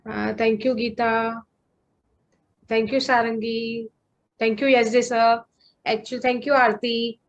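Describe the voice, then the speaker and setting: A woman hosts an online session and warmly thanks participants one by one. Her voice sits a little high. The call audio is dull and lo-fi. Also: level tone, a little slow, pauses often. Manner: friendly, thanks participants by name, switches to Hindi. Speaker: session host.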